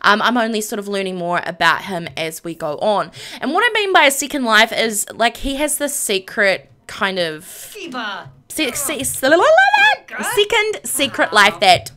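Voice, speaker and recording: A woman's voice: medium pitch, lively intonation, normal speed, bright, forceful tone. A young woman streamer casually narrating a life-sim game, bubbly and giggly, with many fillers.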